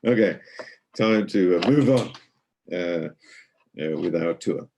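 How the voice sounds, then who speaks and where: A man's voice: sits low, takes it slowly, a little mellow, slight background noise. A middle-aged man giving an online guided tour, chatty and explanatory, with many hesitations and fillers.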